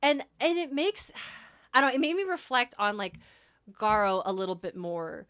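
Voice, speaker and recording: A woman's voice: mid-range voice, very animated, moderate pace, a bit bright, no echo, studio quality. A woman co-hosting a book podcast, chatting casually with lots of fillers and reading passages aloud. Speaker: podcast co-host.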